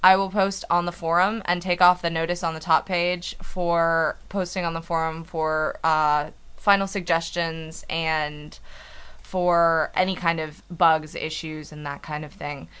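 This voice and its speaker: A woman's voice: sits low, flat delivery, measured pace, fairly bright tone, clear, resonant tone. A young woman co-hosting a casual podcast, chatty and giggly as she runs through announcements. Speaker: podcast co-host and site admin.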